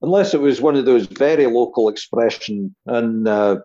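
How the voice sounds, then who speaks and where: A man's voice: medium pitch, moderate pace, dark tone, highs cut off. An older man as a podcast guest, chatting with a dry, wry humor. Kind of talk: casual chat.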